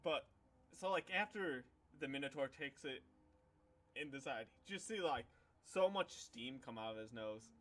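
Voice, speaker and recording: A man acts as game master for a tabletop game, narrating it loosely and packing his storytelling with fillers. His voice is medium-pitched and fairly bright, with lively intonation at a normal speed.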